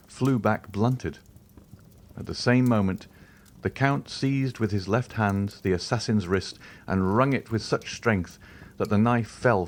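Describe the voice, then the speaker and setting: Low husky male audiobook narrator. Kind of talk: scripted narration.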